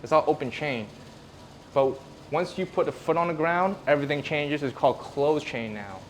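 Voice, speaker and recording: A man's voice: fairly high pitch, moderate pace, slight background noise. A man, a physical therapist, presenting casually to a live audience in a room and acting out examples as he explains. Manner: casual, conversational, acts out examples.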